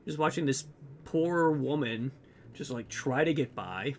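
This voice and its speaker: A man's voice: medium pitch, animated, a little slow, a little hiss or hum. A young man co-hosting a podcast, retelling a movie plot in rambling casual chat with lots of fillers. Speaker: podcast co-host.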